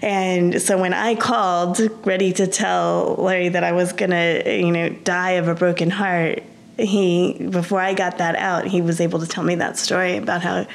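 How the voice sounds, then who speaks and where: A woman's voice: on the low side, flat delivery, moderate pace, creaky. A woman guest earnestly recounting a personal story in an interview, often restarting her sentences. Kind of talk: personal testimony.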